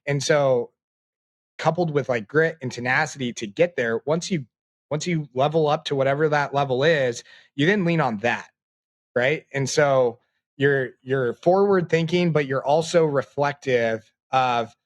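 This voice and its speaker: A man in his late twenties, a podcast guest, talking in a reflective, halting way with many fillers. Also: medium pitch, no room sound. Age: 20s. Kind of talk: casual interview talk.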